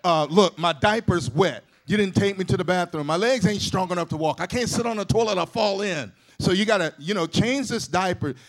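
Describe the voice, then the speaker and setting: A preacher acting out a newborn baby that rattles off its complaints, loud and pushy. The voice sits a bit higher than his usual talk and stays loud throughout. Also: a little fast, few pauses. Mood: demanding. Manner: loud, insistent list of complaints.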